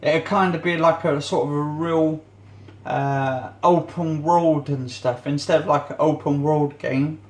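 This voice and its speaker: A man's voice: fairly high pitch, steady tone, measured pace, reverberant. A man vlogging in a casual, rambling way while he cleans his home kitchen, often searching for words.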